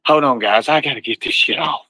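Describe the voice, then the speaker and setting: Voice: mid-range voice, a little fast, pushed and bright, low-quality recording. A livestreamer, talking casually and profanely while scolding pets. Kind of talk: casual live-stream chat.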